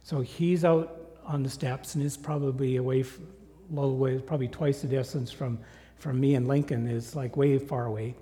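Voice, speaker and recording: A man preaching a sermon, telling a personal story in a conversational, animated way. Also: mid-range voice, moderate pace. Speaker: guest preacher. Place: church sanctuary. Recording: long hall reverb.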